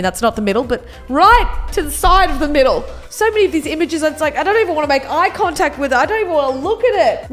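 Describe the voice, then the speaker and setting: Woman vlogger, high pitched, sassy and animated reaction delivery, faint music behind. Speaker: YouTuber reacting to photos. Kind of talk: casual reaction vlog.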